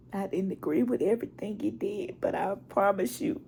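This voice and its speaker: A woman's voice: medium pitch, a little slow, a little mellow, a little hiss or hum. A middle-aged woman at home, recording a personal video diary and talking heartfelt and direct to her viewers. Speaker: vlogger.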